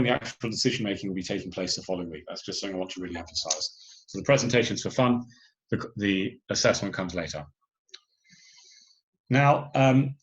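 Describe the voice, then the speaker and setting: The audio is dull and the man's voice sits on the low side. Running a hackathon, he walks through submission and judging rules in a loose online workshop briefing, stumbling through fillers and restarts.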